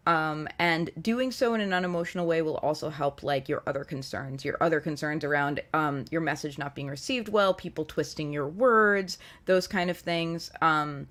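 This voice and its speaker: A woman hosting a casual live-stream tarot reading, earnest and reflective as she gently advises her viewers. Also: low-pitched. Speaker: tarot reader and show host.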